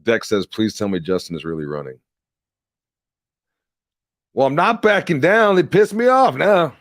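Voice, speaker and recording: A man's voice: medium pitch, very animated, normal speed, long pauses, no echo, studio quality. A man hosting a livestream, ranting in a rambling, profane and sarcastic casual way. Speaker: livestream host and candidate.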